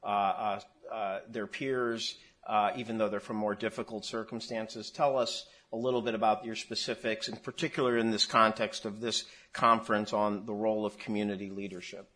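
Halting male panel moderator. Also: lowish voice, flat delivery, bright, forceful tone. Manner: halting, many fillers and restarts.

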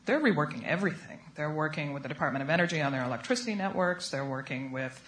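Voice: medium pitch, lively intonation, quick pace, fairly bright tone. A panelist answering in a panel discussion, confident and emphatic. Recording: echoey room.

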